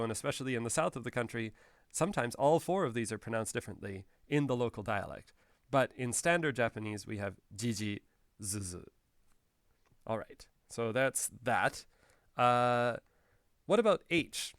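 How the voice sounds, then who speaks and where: A man teaching Japanese in a relaxed, explanatory way, with frequent "uh" fillers and restarts. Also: mid-range voice, no echo, clean studio sound. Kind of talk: recorded language lesson.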